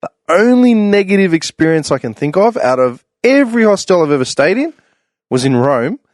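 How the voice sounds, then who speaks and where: A young Australian man telling a casual story on a podcast, laughing often and loudly acting out the voices of people he quotes. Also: high-pitched, sing-song, normal speed, no room sound, clean studio sound. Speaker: podcast panelist.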